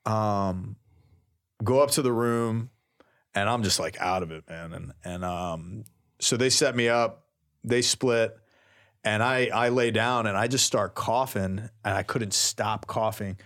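A man who is a priest, telling a story in a casual, animated, slangy way and laughing often on a talk show. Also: fairly low pitch, a little slow. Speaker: priest, co-host.

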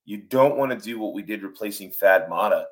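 A middle-aged man co-hosting a sports podcast, thinking aloud in a measured way with fillers. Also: on the low side. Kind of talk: casual sports talk.

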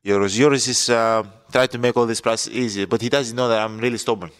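A man's voice: mid-range voice, fairly even intonation, fast, smooth. A young man earnestly recalling a personal story in an interview, speaking emphatically. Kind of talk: interview recollection.

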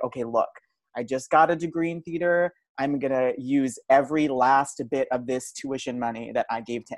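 Young male guest, chatty storyteller, self-amused, middle pitch. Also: dry recording. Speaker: podcast guest. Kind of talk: casual podcast chat.

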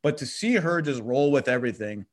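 A middle-aged man hosting a podcast, talking in a reflective, halting way with frequent restarts. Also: medium pitch, expressive. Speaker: podcast host. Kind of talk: casual conversation.

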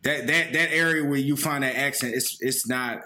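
A man's voice: mid-range voice, moderate pace, pushed and bright. A man, co-hosting a podcast in blunt, profane casual chat. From Philadelphia. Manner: blunt, profane, hesitant with fillers. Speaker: podcast co-host.

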